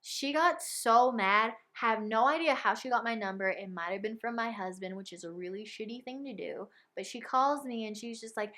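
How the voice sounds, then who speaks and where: A young woman telling a personal story to camera in a casual vlog, with lots of filler words and animated retellings. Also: on the high side, normal speed. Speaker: vlogger.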